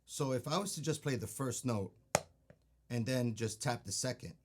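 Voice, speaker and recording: A man's voice: mid-range voice, normal speed, heavy background noise. A man teaching drum technique, patiently explaining and counting beats aloud, often checking in with "okay?". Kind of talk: instructional demonstration. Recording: loud drumming and stick clicks behind voice.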